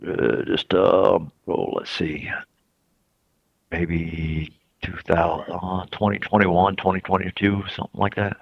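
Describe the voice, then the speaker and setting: A man giving reflective interview answers in a halting, soft-spoken way with many restarts. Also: low-pitched, level tone, gravelly, dry recording. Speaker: incarcerated interviewee. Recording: dull lo-fi recording.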